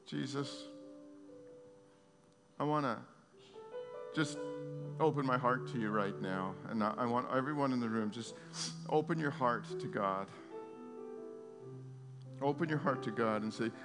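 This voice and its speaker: A man's voice: mid-range voice, a little slow, pauses often. Pleading male pastor in echoing hall. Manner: pleading, repetitive, rising to urgent cries then hushed. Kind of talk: sermon prayer. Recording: long hall reverb with guitar music. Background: soft guitar playing.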